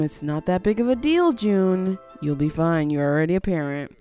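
A woman's voice: medium pitch, expressive, moderate pace, few pauses, mellow, soft background music. A woman giving casual let's-play commentary, chatty and easily surprised, coaxing her game character along. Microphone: headphones on, desk mic.

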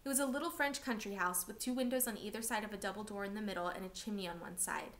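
A woman reading a novel aloud for a class, steady and expressive. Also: mid-range voice, fast.

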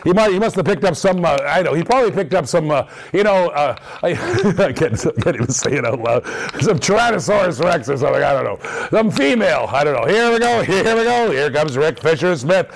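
A man hosting a live auction stream, calling out dice throws with energetic, repetitive hype patter. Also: a little high, a little fast, gravelly.

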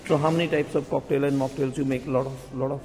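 A man's voice: medium pitch, steady tone, darkish tone. Hesitant Indian English man in a hall. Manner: hesitant, many fillers, slow. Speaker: hospitality vlogger. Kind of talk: casual vlog tour and interview. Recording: long reverb in a hall.

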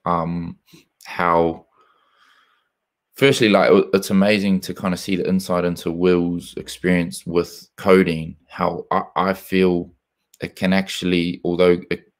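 A man hosting a casual live interview, talking in a reflective, measured way with plenty of fillers, on a video call. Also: low voice. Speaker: host, former rugby player.

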